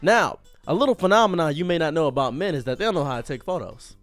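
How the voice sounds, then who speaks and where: A man's voice: on the high side, quick pace, hardly any pauses, dry recording, faint music behind. A man telling a comedic story in a theatrical, exaggerated way, speaking in a room in front of a green screen. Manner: animated, theatrical, exaggerated delivery. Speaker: streamer and commentary host.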